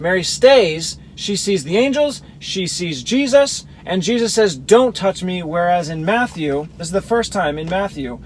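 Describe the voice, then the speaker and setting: A man's voice: sits high, slight background noise, rough recording. A man reading Bible verses aloud and explaining them, comparing the gospel accounts as a teacher. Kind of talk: scripture reading with commentary.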